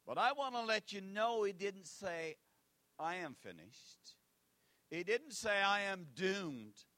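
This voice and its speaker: Dramatic preacher, slow and bright-voiced. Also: male voice, mid-range voice, dry recording. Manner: dramatic, swings between loud declarations and hushed asides, repeats phrases. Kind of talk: sermon.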